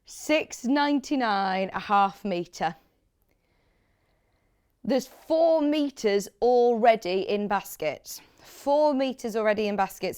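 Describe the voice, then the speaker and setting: A woman's voice: mid-range voice, clear, resonant tone. A woman presenting fabrics on live shopping television, chatty and gushing, reading out viewer comments as she talks. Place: TV studio.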